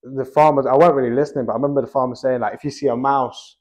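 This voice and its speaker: A man's voice: mid-range voice, steady tone, rapid-fire, a little mellow. A young Australian man telling a rambling story in casual chat, dotting his talk with "like" and "bro".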